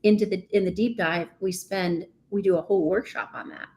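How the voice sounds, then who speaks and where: A woman's voice: lowish voice, steady tone, a little fast, darkish tone. A woman, a business coach, speaking as a podcast guest in an emphatic way, often asking "right?". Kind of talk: podcast interview.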